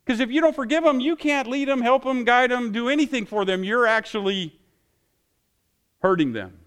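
Male pastor, sermon, passionate, rising voice when excited, prayerful close. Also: extremely high pitch, moderate pace, smooth.

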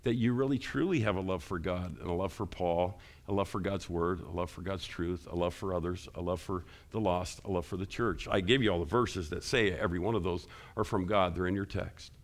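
A man preaching a sermon as pastor, asking the congregation questions and climbing high and loud when he stresses a point. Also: fairly quick, few pauses.

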